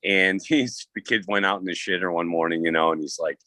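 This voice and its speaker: Low, forceful-voiced man chatting. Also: a little fast, dry recording. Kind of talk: casual chat.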